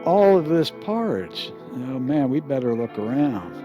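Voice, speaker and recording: An older man voicing a huge, laid-back stoner hippie guy who talks in an excited, drawling way. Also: mid-range voice, a little slow, dull audio, over music.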